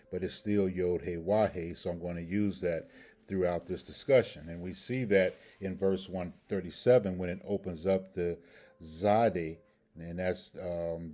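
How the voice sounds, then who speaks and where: A man with a very low, dark, mellow voice leads a scripture language lesson. He explains each point slowly and with care, and he keeps checking in with his listeners with "okay?" and "all right?". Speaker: Hebrew grammar teacher.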